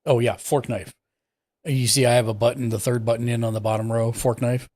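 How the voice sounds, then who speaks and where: A man's voice: mid-range voice, a little fast, no echo. A man hosting a live stream, casually explaining his setup step by step as he clicks through it. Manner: relaxed, explains step by step while clicking around. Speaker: streaming tech support host.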